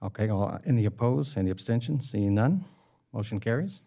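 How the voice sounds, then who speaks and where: A man's voice: on the low side, lively intonation, brisk, gravelly, dark tone. A man chairing a county board meeting, polite and procedural as he moves through the agenda.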